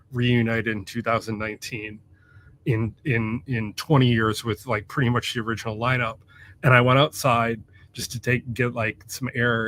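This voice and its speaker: A man's voice: mid-range voice, fairly bright tone, slight background noise. A man being interviewed as a guest author, talking casually in a loose, profane, rambling way with lots of fillers.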